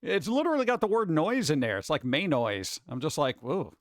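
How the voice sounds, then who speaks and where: A man's voice: fairly high pitch, sing-song, fast talker, no echo, studio quality. A man hosting a live stream, chatting casually and reading chat aloud in a rambling, jokey way with muttered asides.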